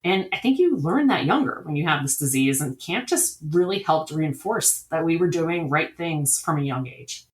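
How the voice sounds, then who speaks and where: A woman's voice: low voice, lively intonation, normal speed, hardly any pauses. A woman guest in an interview, an eager and talkative storyteller. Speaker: diabetes camp director, guest. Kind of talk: conversational interview. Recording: echoey room.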